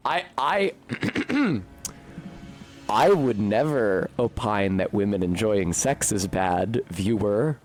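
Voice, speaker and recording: A man's voice: lowish voice, expressive, slow pace, faint music behind. A man chatting casually and swearing while streaming a video game, often laughing. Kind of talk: casual gameplay commentary.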